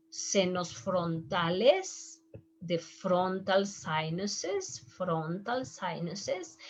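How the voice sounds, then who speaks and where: A woman whose first language is Spanish, teaching medical Spanish terms slowly, repeating each word twice and explaining as she draws. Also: lowish voice. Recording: dull lo-fi sound.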